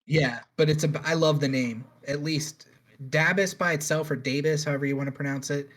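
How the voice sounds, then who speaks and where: A man's voice: fairly high pitch, level tone, fairly quick. A man co-hosting a podcast in casual chat, rambling through a news story with jokes and swearing. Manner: rambling, joking, swears freely. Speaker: podcast co-host.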